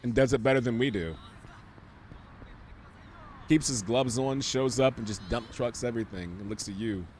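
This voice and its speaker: A man streaming a video game, giving casual commentary with wry, sarcastic asides and sudden excited outbursts. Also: mid-range voice, normal speed, pauses often, slight background noise.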